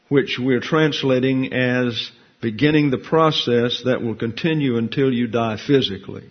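A man teaching a verse-by-verse Bible study, working through Hebrew grammar with slow, careful explanation. His voice sits in an ordinary middle range. The recording is dull and lo-fi. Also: mid-range voice, husky.

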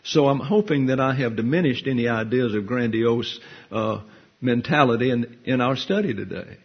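A man delivers a conversational sermon full of self-deprecating jokes. His voice is slightly husky and sits at a middle pitch. The recording sounds dull and lo-fi. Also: normal speed. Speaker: pastor teacher. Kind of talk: folksy sermon.

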